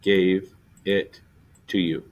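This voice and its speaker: A man teaching a recorded Spanish grammar lesson, explaining step by step and slowly spelling out syllables. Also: low voice, flat delivery.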